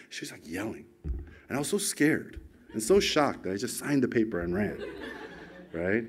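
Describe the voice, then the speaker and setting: Lively man preaching. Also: fairly low pitch, moderate pace, long pauses, husky. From United States. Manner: chatty, asks the congregation questions. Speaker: pastor. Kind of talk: conversational sermon.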